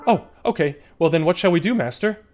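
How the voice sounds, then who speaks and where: A man voicing an eager, devoted male stone Doberman who pants and keeps saying master in a high, yelping voice. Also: lively intonation, brisk, darkish tone, soft background music. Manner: high panting eager yelps, calls everyone master.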